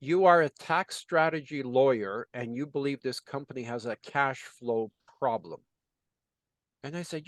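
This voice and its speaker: A man's voice: mid-range voice, unhurried, no echo. A man working as a business consultant, telling a story in conversation and acting out the dialogue with lots of "you know" fillers.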